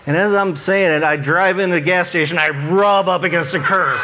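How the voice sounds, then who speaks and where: A man's voice: fairly high pitch, moderate pace, few pauses, pushed and bright, a little hiss or hum. A man who works with churches, giving earnest, conversational faith advice and chuckling at himself now and then. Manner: earnest, self-deprecating, chuckles at his own stories. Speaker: church ministry worker.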